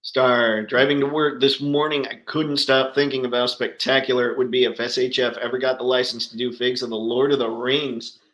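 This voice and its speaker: A man's voice: medium pitch, flat delivery, fairly quick, few pauses, fairly bright tone, echoey room, poor audio. A man hosting a casual livestream chat, talking enthusiastically and answering viewers by name. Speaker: livestream host.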